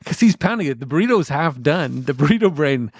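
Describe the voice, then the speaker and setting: A man's voice: a little high, animated, a little fast, dry recording, clean studio sound. A man in his forties co-hosting a podcast, chatting casually in a rambling, self-deprecating way with frequent laughs. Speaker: podcast co-host. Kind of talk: casual chat.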